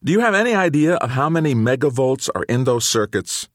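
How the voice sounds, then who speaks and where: A man voicing a thick-set, middle-aged father who speaks gruffly and sternly to his son. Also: medium pitch, very animated, a little fast, no echo, studio quality, voice pushed up, lightly acted.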